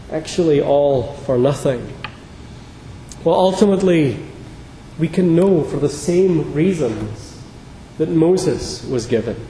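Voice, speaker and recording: A man's voice: high-pitched, a little mellow. A man preaching a sermon, emphatic and at times fervent. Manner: emphatic, rising to fervent declarations. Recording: echoey hall with faint ambient noise.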